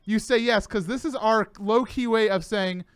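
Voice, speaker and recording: Excitable male host, high-pitched, dry close sound, casual chat. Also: normal speed, smooth, no echo. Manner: excitable, laughs often.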